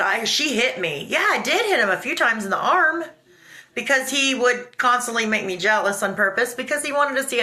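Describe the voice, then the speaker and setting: A woman telling a personal story in an animated, indignant way, acting out the dialogue. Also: medium pitch. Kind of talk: emotional storytelling. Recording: roomy echo.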